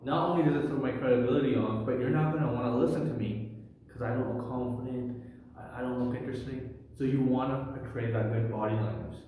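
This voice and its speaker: A man giving an energetic, animated, loud talk to camera with public speaking tips. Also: mid-range voice, fast, slight background noise. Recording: echoey room with long reverb.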